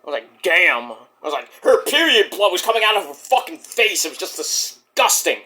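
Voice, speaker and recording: A man reviewing a wrestling show in a casual vlog, excitable and profane, with sudden yelled exclamations. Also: high voice, brisk.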